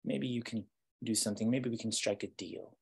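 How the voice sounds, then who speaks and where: A man voicing a scheming villain king with a husky voice, speaking slowly and threateningly. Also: fairly low pitch, steady tone. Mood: menacing.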